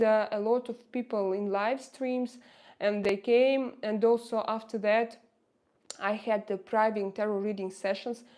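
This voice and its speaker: Russian-accented woman hosting a casual livestream, halting and searching for words. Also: mid-range voice, darkish tone. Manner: hesitant, searching for words with many fillers. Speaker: livestream host reading viewer chat.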